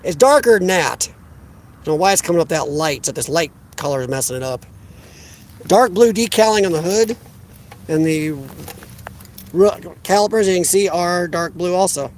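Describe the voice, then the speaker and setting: A man's voice: high-pitched, lively intonation, moderate pace, long pauses. A man chatting casually outdoors during a phone live stream, rambling and answering viewers' comments. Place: outdoors by a parked car.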